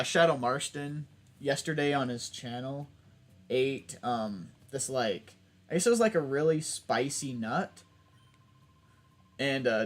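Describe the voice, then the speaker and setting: A young man chatting casually while playing a video game, rambling and restarting his sentences. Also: medium pitch. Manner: rambling, self-interrupting, laughs often. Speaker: gaming YouTuber. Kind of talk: casual let's play chat.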